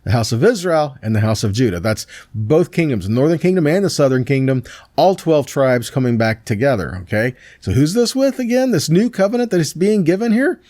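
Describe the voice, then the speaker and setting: A man's voice: on the high side, sing-song, brisk, mellow, no echo. A man preaching a Messianic Torah teaching, reading verses aloud and then explaining them conversationally, often checking with "see that?" and "right?". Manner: conversational, with fillers and restarts. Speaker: pastor.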